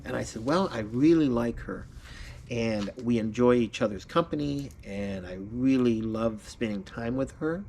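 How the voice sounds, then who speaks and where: A man tells a personal story to camera in an easygoing, animated way, his voice sitting at an ordinary middle pitch. He breaks into laughter often as he goes. Faint noise hums behind him. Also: normal speed. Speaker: vlogger.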